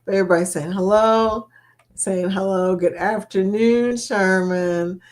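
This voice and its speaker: Slow-talking giggly woman host. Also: medium pitch, fairly even intonation, darkish tone. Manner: giggly, laughs often, greets viewers by name. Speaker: livestream host. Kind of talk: casual live-stream chat. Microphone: laptop mic.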